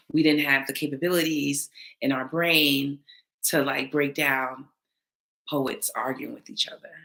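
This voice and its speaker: Low-voiced, forceful woman commentator. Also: vocal fry. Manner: blunt, emphatic, swears freely. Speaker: battle rap panelist responding to viewer comments. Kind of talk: candid casual commentary.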